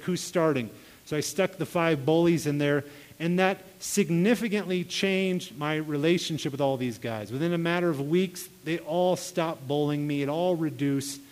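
A man preaching a sermon, telling personal stories in an earnest way and acting out the voices he quotes. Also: a little high. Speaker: pastor. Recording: long hall reverb.

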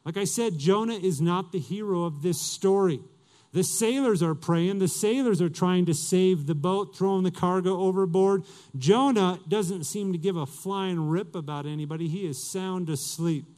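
A man's voice: high voice, normal speed, a little mellow. A male pastor preaching a sermon in a conversational way, asking his listeners questions and reading scripture aloud.

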